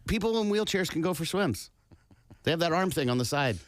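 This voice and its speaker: A man's voice: a little high, animated, fairly quick, no room sound, clean studio sound. A man co-hosting a podcast in casual chat, telling a story with wry asides. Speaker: podcast co-host.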